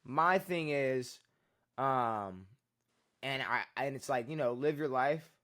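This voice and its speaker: A man's voice: mid-range voice, slow, fairly bright tone. A man co-hosting a podcast in casual chat, rambling with many fillers and restarts. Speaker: podcast co-host.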